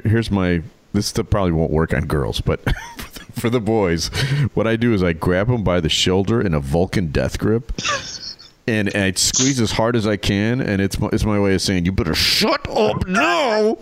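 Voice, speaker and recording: A man's voice: fairly low pitch, normal speed, no room sound. A middle-aged man co-hosting a podcast, telling stories casually with wry, dry humor. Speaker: podcast co-host. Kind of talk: casual chat.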